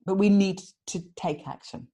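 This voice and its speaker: A woman's voice: medium pitch, normal speed. A British woman from England, a guest author, telling stories in a casual interview, laughing often and acting out what people said. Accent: British English. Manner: animated, laughs often, acts out quotes.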